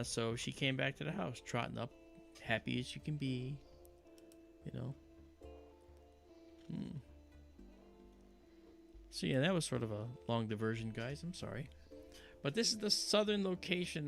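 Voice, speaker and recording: A man hosting a livestream, talking casually and telling animated stories with quoted voices. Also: medium pitch, vocal fry. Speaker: livestream host.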